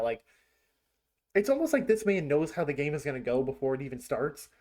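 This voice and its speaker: A man's voice: a little high, expressive, fairly quick, a little mellow. A man hosting a reaction video, talking in a loose, slangy, chatty way. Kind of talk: casual reaction commentary.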